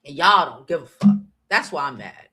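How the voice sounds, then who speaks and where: Woman, American, livestream commentary host, bright sharp voice, blunt, profane, confrontational, loud outbursts and low mutters. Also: lively intonation, moderate pace. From United States. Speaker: channel host.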